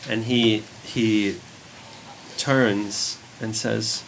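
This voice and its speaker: A man narrating a tabletop role-play as game master, slow and halting. His voice is low and gravelly. A faint hiss runs under the recording. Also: steady tone, a bit bright, low-quality recording.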